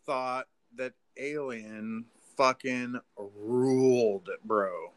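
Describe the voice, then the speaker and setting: A man talking loosely and excitedly, piling on filler words and curses as he tells a story. His voice sits at an ordinary middle pitch. He sounds like one half of a laid-back chat between friends. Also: very slow. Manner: rambling, profane, filler-heavy, says "like" and "dude". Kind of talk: casual chat.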